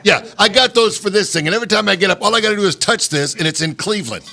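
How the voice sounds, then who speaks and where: A man's voice: high-pitched, racing, creaky, pushed and bright, faint music behind. A man hosting a live comedy show, joking between acts and introducing the comics. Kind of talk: live emcee patter. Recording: live room with audience. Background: crowd.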